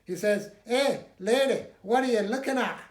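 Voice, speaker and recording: A man voicing a blunt, jovial northern English surveyor with a County Durham accent, talking loud and hearty. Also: normal speed. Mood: storytelling. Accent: put-on County Durham English. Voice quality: loud, hearty, raised pitch. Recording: echoey room.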